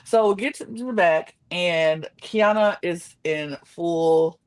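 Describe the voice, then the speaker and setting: A woman co-hosting a podcast, telling the story in a lively way and acting out what people said. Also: lowish voice, slow, clear, resonant tone. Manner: animated storytelling, acts out quotes. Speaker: podcast co-host. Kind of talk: casual recap chat.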